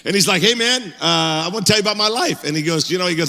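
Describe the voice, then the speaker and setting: A male pastor telling a story in a sermon, lively and self-mocking, with a joking way of talking. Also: high-pitched, fast, few pauses, in a large hall. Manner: animated, self-mocking humor. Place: church auditorium.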